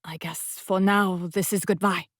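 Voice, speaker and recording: A woman voicing a tender, devoted man in an audiobook romance, speaking gently and earnestly. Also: on the low side, fairly even intonation, measured pace, dry recording, clean studio sound. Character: tender, devoted grown man, former grumpy boss. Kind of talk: audiobook dialogue reading.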